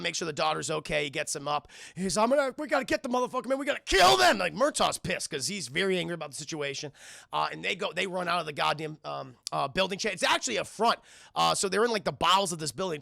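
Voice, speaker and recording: A man with a gravelly, fry-laden voice that sits high for a man, recapping an action movie scene by scene for his live chat. He swears constantly, keeps calling out to the chat and jumps into short acted bits of dialogue. His tone is bright and sharp, and the sound is dry and close. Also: no room sound. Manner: profane, keeps addressing the chat, acts out movie lines. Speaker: film reviewer and streamer. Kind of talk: casual scene-by-scene film recap.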